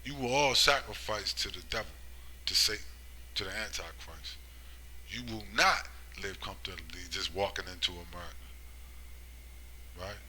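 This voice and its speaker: Preaching man with a bright, forceful voice. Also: normal speed, pauses often, a little hiss or hum, poor audio. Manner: rhetorical, keeps asking "right?" and "you see?"; swings between loud emphatic bursts and low muttering. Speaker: religious commentator. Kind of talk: preaching monologue.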